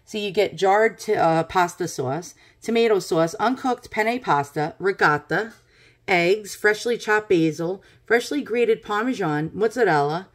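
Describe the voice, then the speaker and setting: A woman's voice: mid-range voice, measured pace. A woman with a New York accent giving a casual, blunt product review with lots of ums and uhs. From Brooklyn, New York. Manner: chatty, blunt, many fillers.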